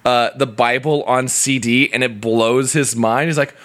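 Brief: man telling a long story loosely in comic podcast banter, bright and crisp. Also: medium pitch, fairly even intonation, unhurried. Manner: rambling storyteller with many fillers and restarts. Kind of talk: casual comedic chat.

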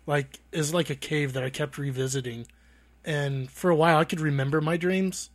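A man co-hosting a casual podcast, telling animated stories and laughing a lot. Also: a little high, moderate pace.

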